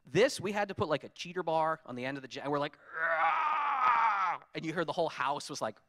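A man giving a conference talk, telling lively stories and acting out his own frustrated quotes. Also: on the high side, rapid-fire. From United States. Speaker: conference speaker. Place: conference hall.

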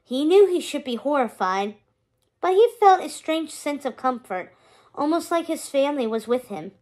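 A woman's voice: sits high, very animated, moderate pace, a little mellow. A woman narrating a children's chapter book aloud, reading steadily.

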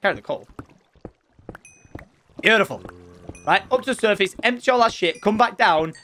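A young man giving excited Let's Play commentary, chatting and thinking aloud as he plays. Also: sits high, moderate pace, faint music behind. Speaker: gaming channel host.

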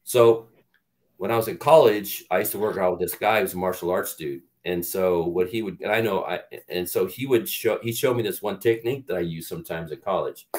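A middle-aged man, a guest on an interview show, telling rambling, profane stories and acting out what others said. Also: fairly quick. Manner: animated storyteller, acts out quotes in a louder, higher voice. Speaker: guest, actor and former football player. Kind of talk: storytelling in an interview.

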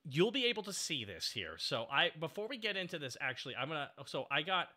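A man in his thirties hosting a casual stream chat, excitable and prone to sudden yelps. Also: on the high side, quick pace, very noisy. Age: 30s. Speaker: streamer host.

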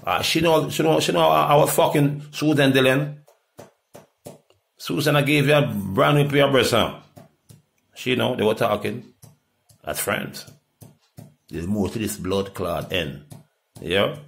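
A middle-aged Jamaican man in a rambling, profane monologue that swings from loud outbursts to low mutters. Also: a little slow, gravelly, pauses often. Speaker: reggae artist.

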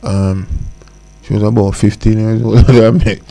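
A man's voice: fairly low pitch, little pitch movement, normal speed, gravelly, warm tone. A man with a Jamaican accent, a guest on a radio show, telling a story in casual talk and laughing as he goes. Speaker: studio guest. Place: radio studio. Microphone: studio mic.

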